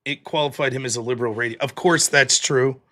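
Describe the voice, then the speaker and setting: A man's voice: mid-range voice, steady tone, a little fast, bright, forceful tone. An American man hosting a live stream, reading viewer donations aloud in a mock-wounded, self-deprecating way. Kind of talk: casual live-stream chat.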